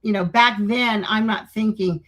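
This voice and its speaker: Animated woman telling spooky stories. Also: mid-range voice, measured pace, low-quality recording. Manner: animated storyteller, laughs often, acts out quotes. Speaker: podcast co-host. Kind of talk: casual storytelling chat.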